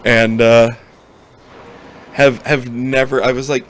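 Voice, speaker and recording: A man's voice: mid-range voice, flat delivery, slow pace, pauses often. A man chats and banters in a casual podcast. He jokes crudely, and a faint background hiss sits under his voice. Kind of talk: casual chat.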